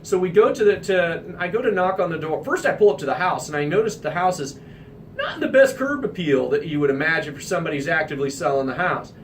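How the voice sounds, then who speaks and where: A man from the American Midwest hosting a radio talk show, telling an anecdote in an animated, emphatic way. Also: fairly high pitch, fast talker, distant mic, a little hiss or hum. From Midwestern United States.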